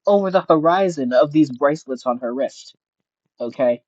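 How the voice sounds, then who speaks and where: A streamer delivers casual, mocking reaction commentary and often breaks into laughter. The voice swings widely in pitch and sometimes shoots up into shrieks. The recording is dry and slightly muffled, like a lo-fi mic. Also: very animated, normal speed, darkish tone, no room sound.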